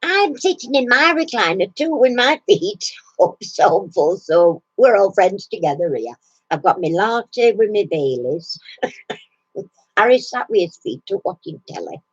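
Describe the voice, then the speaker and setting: A husky-voiced woman talks slowly and easily from her recliner at home, hosting a relaxed live chat. She laughs often between remarks. The sound is dry and a bit dull, like lo-fi stream audio. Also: medium pitch, no room sound. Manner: chatty, laughs often, coos baby talk to her dog.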